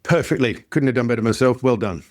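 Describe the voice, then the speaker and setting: Australian man, fifties, podcast guest, relaxed chatty talk, dry close recording. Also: mid-range voice, fast, dry recording. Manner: relaxed, chatty, frequent fillers. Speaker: guest, company founder. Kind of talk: casual podcast interview.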